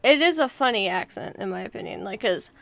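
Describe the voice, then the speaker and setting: A woman's voice: medium pitch, animated, brisk, gravelly, no echo. A young woman with a Texan accent, chatting casually as a podcast co-host and laughing often. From Texas. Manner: giggly, reads cheesy pickup lines with laughs. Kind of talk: casual chat.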